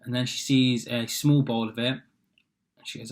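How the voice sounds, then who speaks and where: A man's voice: mid-range voice, little pitch movement, moderate pace. A young man tells a children's fairy tale his own casual way. He rambles, drops in fillers and jokey asides, and keeps an offhand, chatty tone throughout. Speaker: storyteller.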